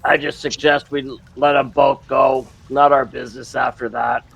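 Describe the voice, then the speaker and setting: A man at a tabletop game speaks in a gravelly, husky voice. He talks in a laid-back way and trails off while he hesitates. His pitch sits in the middle. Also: little pitch movement, normal speed, a bit bright, low-quality recording. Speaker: player. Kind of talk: casual tabletop game chat.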